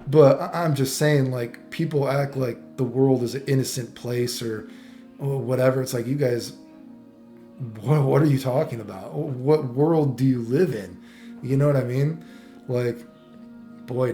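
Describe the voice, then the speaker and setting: A man's voice: mid-range voice, mellow, roomy sound. A man vlogging casual commentary, rambling and swearing, full of fillers and restarts.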